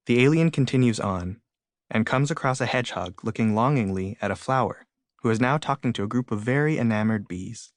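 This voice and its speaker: A man reading his own illustrated storybook aloud in gentle, plain narration. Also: medium pitch, brisk, no echo, studio quality. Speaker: author and narrator. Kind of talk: scripted audiobook narration.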